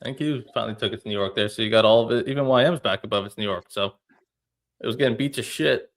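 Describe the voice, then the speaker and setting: Male host, lower register, relaxed explainer of trade setups, casual live-stream banter. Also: fast. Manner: explains chart setups step by step. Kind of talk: casual trading chat.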